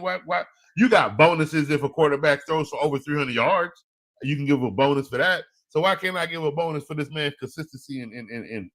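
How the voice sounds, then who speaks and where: Joking man hosting a football show. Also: mid-range voice. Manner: animated, joking, laughs often, speaks in slang. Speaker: fantasy football show host. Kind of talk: casual live-stream talk.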